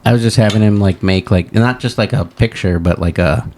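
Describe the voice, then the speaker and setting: A man with a low voice co-hosting a comedy podcast. He tells his stories in a loose, rambling way, full of fillers and restarts. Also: brisk, darkish tone. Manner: rambling storyteller, many fillers. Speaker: podcast co-host. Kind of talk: casual comedy podcast chat.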